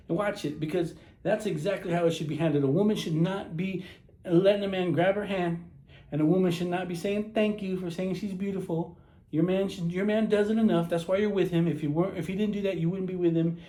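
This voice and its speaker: A man's voice: high-pitched, dark tone. A man talking casually to his viewers in a blunt, profane, opinionated rant, acting out the lines he quotes. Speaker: social media vlogger. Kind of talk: casual ranting monologue to camera. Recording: echoey room.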